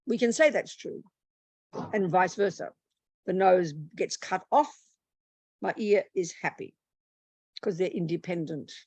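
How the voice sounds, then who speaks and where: A woman's voice: lowish voice, measured pace, pauses often, a little mellow, no echo. A woman, a Buddhist nun, teaching a meditation retreat in a blunt, plain-spoken and humorous way.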